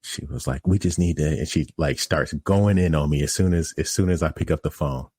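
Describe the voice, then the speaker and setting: Very deep-voiced man telling a candid story. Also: moderate pace, darkish tone, breathy edge, dry recording, studio quality. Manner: candid, self-critical, conversational. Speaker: podcast host and pizza restaurant operator. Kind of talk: casual storytelling monologue.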